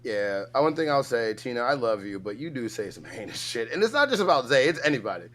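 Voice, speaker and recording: A man's voice: mid-range voice, big pitch swings, fast, fairly bright tone. A man co-hosting a show, chatting loosely and joking with lots of filler words. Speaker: podcast co-host. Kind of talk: casual chat commentary.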